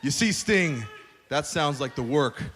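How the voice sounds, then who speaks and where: A man's voice: a little high, expressive, a little slow, fairly bright tone. A man giving a menacing, taunting speech to rivals in a wrestling ring. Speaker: wrestler cutting a promo.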